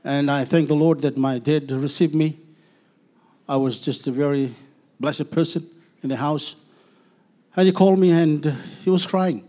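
A middle-aged man giving an earnest personal testimony as a preacher, halting with restarts and letting phrases trail off softly. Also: fairly high pitch, steady tone.

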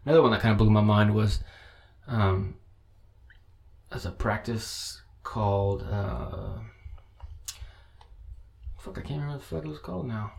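A man's voice: fairly low pitch, moderate pace, creaky, pauses often, darkish tone. A man co-hosting a casual comedy podcast, swearing freely and acting out characters in his stories. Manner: profane, acts out silly voices in stories. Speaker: podcast co-host.

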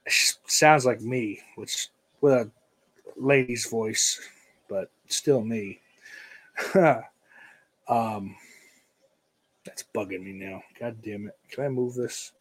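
A man's voice: medium pitch, slow, long pauses. A man chatting casually on a stream, rambling and swearing, often trailing off into mumbles. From United States.

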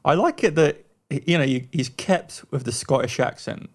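A man co-hosting a songwriting podcast, giving warm praise of a track in a casual chat, often restarting his sentences. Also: medium pitch, expressive. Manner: warm praise, halting starts and repeated words. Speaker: podcast co-host. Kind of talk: casual chat reviewing songs.

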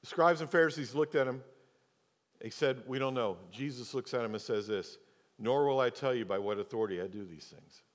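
A male pastor preaching a sermon, moving between loud, emphatic stretches and quiet, low asides. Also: fairly quick. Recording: long church reverb.

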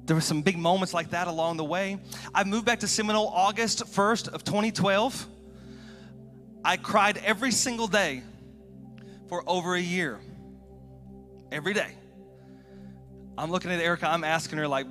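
Middle-aged guy preaching, pretty high voice, goes from quiet to shouting, soft music under it. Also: moderate pace, long pauses. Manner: emotional storytelling, swings from hushed to shouting. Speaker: guest preacher. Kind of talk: sermon.

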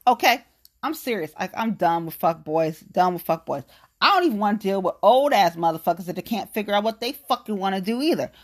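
A woman in her late thirties with an African American English accent delivers a casual political rant. She is blunt and profane, and she talks with fired-up conviction in a voice of middle pitch. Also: animated, a little fast. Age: 30s.

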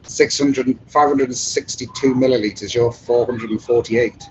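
A man's voice: mid-range voice, fairly even intonation, normal speed, a little mellow, lo-fi sound, slight background noise. A man with an English accent, hosting a casual chat and telling stories in a chatty way. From England. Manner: chatty, anecdotal storyteller. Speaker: host, brass band trombonist.

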